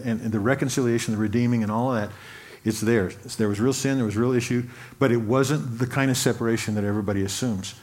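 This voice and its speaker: A male pastor giving a sermon, talking conversationally, often repeating and restarting words, and reading scripture slowly and with emphasis. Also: medium pitch, a little mellow.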